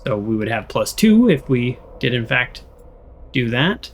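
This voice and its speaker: A man's voice: medium pitch, very animated, a little slow. An American man casually playing through a story game, reading the text aloud and rambling in jokes between choices. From United States. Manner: rambling, joking, with restarts. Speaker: let's play host.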